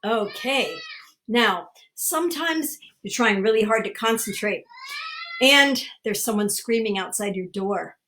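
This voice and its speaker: A woman's voice: fairly high pitch, animated, a little slow, sharp tone, a little hiss or hum. An older woman leading a guided online laughter exercise, cheerfully coaching listeners through each step. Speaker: laughter instructor.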